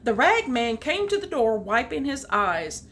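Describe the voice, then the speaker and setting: A woman reading a children's picture book aloud, with chatty, animated asides about the pictures. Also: on the high side, a little slow, slight background noise. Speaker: storytime reader. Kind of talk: children's read-aloud with commentary.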